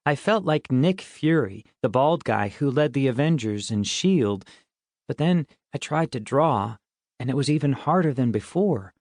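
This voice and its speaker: A man's voice: medium pitch, animated, a little slow, a little mellow, no echo, studio quality. A man reading a first-person middle-grade audiobook in a wry, conversational way. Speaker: audiobook narrator.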